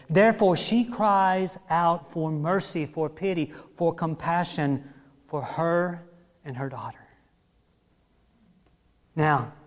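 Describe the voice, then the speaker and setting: High-voiced preacher in a big hall. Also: male voice. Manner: dramatic, acts out quotes, asks congregation for amens. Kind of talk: sermon. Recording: long reverb of a large hall.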